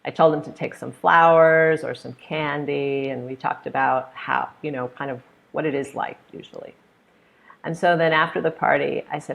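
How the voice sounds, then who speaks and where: Low-voiced American woman teacher with some vocal fry, drawing out words slowly to model stress. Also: steady tone. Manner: slow, exaggerated modelling of stressed syllables; acts out voices in her stories. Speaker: pronunciation teacher. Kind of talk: online pronunciation lesson.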